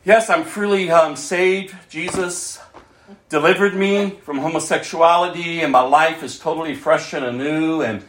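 A man preaching a sermon, moving from loud calls to hushed, near-whispered asides. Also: on the high side, measured pace, echoey room.

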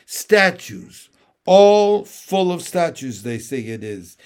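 Talking beaver in a storybook, folksy and earnest, voiced by a male reader, slow, raised voice. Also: fairly high pitch, sing-song, clean tone, voice pushed up, heavily acted. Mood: grave. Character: gruff, gloomy but hearty male talking beaver.

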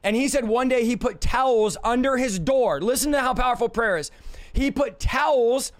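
Hoarse man, very high voice, fervent repetitive preaching on a live stream. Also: moderate pace. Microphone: streaming setup reading live chat.

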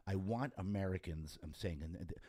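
A very low-voiced man hosts a podcast, talking in a loose, rambling way full of restarts and praise for his guest. The sound is close and dry, with little room around it. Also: moderate pace, mellow, dry recording. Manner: rambling, enthusiastic, many restarts; effusive and talkative. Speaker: podcast host. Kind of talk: casual interview.

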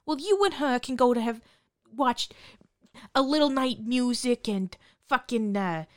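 A woman's voice: on the high side, animated, a little slow, no echo, clean studio sound. A woman playing a brash, profane basket seller in an improvised comedy sketch, talking with sarcastic dismissiveness. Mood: snarky. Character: brash foul-mouthed woman hawking hair baskets.

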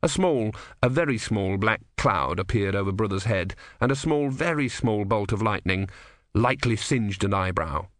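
Lively, wry male audiobook narrator. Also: on the low side, normal speed, no echo, studio quality. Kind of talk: scripted narration.

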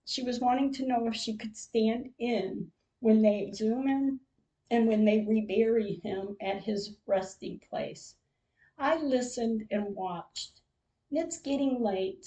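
An older woman tells her own story slowly and carefully, reading it like diary entries. Her voice is mellow and soft-edged, with a warm, unhurried delivery that carries feeling beneath it. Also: medium pitch, rough recording. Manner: slow, measured storytelling with emotional moments. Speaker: podcast host. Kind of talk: reading a personal diary-style account.

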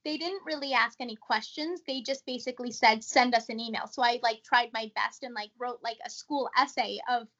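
A young woman from New York tells her story as a guest, her New York accent plain and her manner chatty and animated. Her high, bright voice comes through slightly dull, lo-fi audio. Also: fairly quick, hardly any pauses. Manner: chatty, animated, says "like" a lot. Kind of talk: casual interview storytelling.

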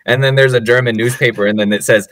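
On a dry recording, a male podcast co-host with a mid-range voice talks fast, casually running through a movie's plot. He animatedly acts out lines of dialogue and laughs a lot.

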